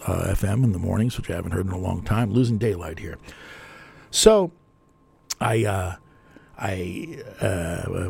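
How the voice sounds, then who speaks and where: A man's voice: low-pitched, vocal fry, darkish tone, husky. An older man with a New Jersey accent, telling a long, digressive story in a chatty, self-mocking way as a radio host. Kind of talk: rambling storytelling monologue.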